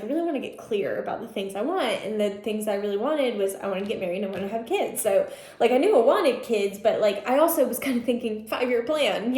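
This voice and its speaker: A young woman chats through a storytime vlog, loose and conversational, peppering her talk with "like" and quick laughs. Her voice sits a little high, and the room around her rings with echo. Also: a little mellow. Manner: chatty, frequent "like", laughing asides. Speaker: vlogger. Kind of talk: casual storytime. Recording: echoey room.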